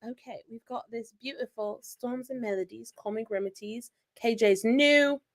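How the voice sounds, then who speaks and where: A woman's voice: fairly high pitch, moderate pace. A woman co-hosting a live chat show as its producer, playful and teasing. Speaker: executive producer, co-host.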